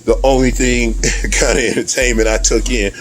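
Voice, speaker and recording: A man's voice: medium pitch, moderate pace. Foul-mouthed man in a casual video diary. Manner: heavy cursing, laughs often, animated when telling stories. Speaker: video diarist. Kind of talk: profane casual storytelling.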